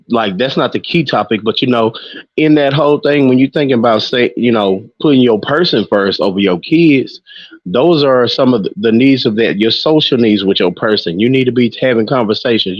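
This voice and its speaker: A man's voice: medium pitch, normal speed, no room sound. A man co-hosting a podcast, talking frankly and loosely in casual chat, with frequent swearing and restarts. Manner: frank, rambling, swears freely. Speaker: podcast co-host. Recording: muffled lo-fi audio.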